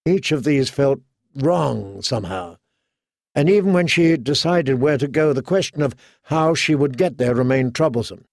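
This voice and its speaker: A man reading a fantasy novel aloud in steady, measured scripted narration. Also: medium pitch, vocal fry, no room sound, clean studio sound. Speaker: audiobook narrator.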